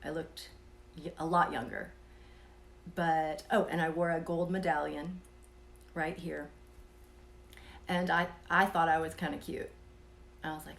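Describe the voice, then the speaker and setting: Soft-spoken low-voiced woman storyteller. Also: little pitch movement, a little slow, vocal fry, long pauses. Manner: soft-spoken, drifting into whispers, chuckling between thoughts. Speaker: vlogger telling a personal experience. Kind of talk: casual storytelling.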